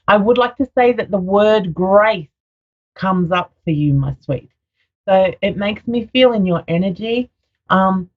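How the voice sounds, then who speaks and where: A woman's voice: medium pitch, lo-fi sound. A woman psychic medium giving a live radio reading in a soothing, affectionate way, often calling the caller sweetheart.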